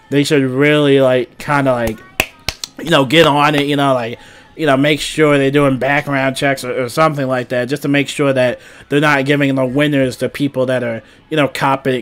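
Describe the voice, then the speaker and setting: A man's voice: mid-range voice, fairly bright tone. A young man casually chatting about game news on his channel, rambling with lots of fillers and restarts. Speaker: gaming YouTuber. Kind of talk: casual gaming news chat.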